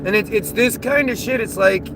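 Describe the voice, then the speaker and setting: A man's voice: high-pitched, normal speed. A man from the United States livestreaming from a car as he drives, reading viewers' chat aloud and ranting in rambling, repetitive talk. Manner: rambling, repeats words, ranting. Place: inside a car while driving. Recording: car and road noise behind.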